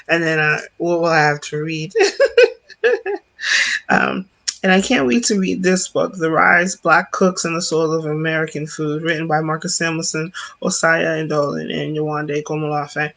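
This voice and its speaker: A woman's voice: low-pitched, a bit bright. A woman vlog host chatting casually about books, rambling and correcting herself as she goes, with frequent laughs.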